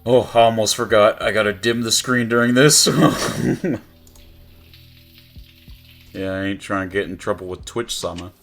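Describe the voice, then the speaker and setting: Slow, bright-voiced male game streamer. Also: on the low side, soft background music. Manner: reads game text aloud, chuckling often. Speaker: streamer playing a visual novel. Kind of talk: live gameplay commentary. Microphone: desk microphone.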